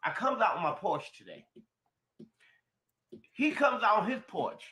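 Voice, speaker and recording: A man tells a personal story with real animation, his fairly high voice rising and falling all over the place. His tone is bright and forceful, and he talks emphatically, dropping quiet before bursting out loud. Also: a little slow. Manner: emphatic, expressive, swings from quiet to shouting. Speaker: storyteller in a shared video.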